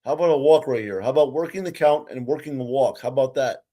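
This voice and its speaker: Young male fan-streamer, mid-pitched, amateur play-by-play, gets heated and sweary at his team. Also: fast talker, warm tone. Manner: frustrated, ranting fan commentary, curses. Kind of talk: amateur live play-by-play commentary.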